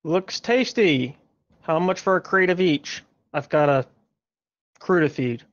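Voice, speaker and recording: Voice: mid-range voice, measured pace. A player in an online tabletop game, joking casually with the group. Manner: joking, easygoing. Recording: dull online voice chat.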